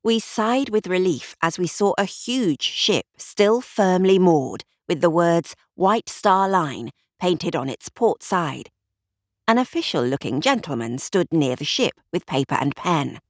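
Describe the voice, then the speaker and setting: A woman narrating a mystery audiobook with expressive storytelling. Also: lowish voice, unhurried, no room sound, studio quality.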